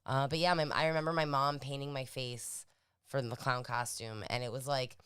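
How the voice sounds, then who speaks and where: A woman's voice: a bass voice, flat delivery, normal speed, a bit bright, smooth. A young woman co-hosting a show, chatting casually with playful, profane banter. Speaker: podcast co-host. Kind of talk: casual chat.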